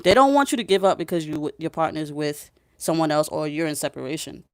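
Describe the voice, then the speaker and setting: A woman with a smooth, clear voice, recorded close and dry, giving spiritual guidance in a casual vlog. She is emphatic and blunt, swears freely, and keeps checking in with the listener. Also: sits low, brisk, no room sound. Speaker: spiritual reader.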